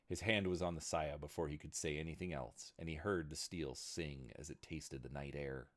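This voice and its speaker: A man reads a fantasy story aloud with an expressive, dramatic delivery. His voice is deep but swings animatedly through the sentences. He narrates as the show's storyteller. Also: normal speed.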